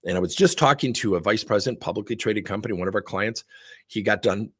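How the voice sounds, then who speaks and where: A man's voice: on the low side, fast talker, slightly rough, dry recording, clean studio sound. A middle-aged man as a sales trainer, telling blunt, emphatic stories in a workshop webinar. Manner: animated, blunt, emphatic storyteller.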